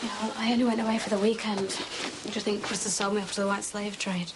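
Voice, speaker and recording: A woman's voice: mid-range voice, little pitch movement, fast talker, very noisy, close to an everyday voice. A young actress playing a student daughter who brushes off her mother curtly in a TV soap. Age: young adult. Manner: curt, dismissive. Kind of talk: TV soap acting.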